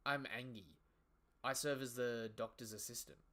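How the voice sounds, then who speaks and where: A man's voice: medium pitch, moderate pace, pushed and bright, natural voice. A man reading as a polite female librarian.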